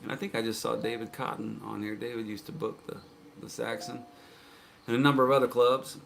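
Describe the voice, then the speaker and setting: A man's voice: medium pitch, little pitch movement, brisk, creaky, a bit bright, a little hiss or hum. A man hosting his own livestream show, chatting casually between songs as a laid-back storyteller with dry jokes. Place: indoors, streaming live. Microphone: stream cameras.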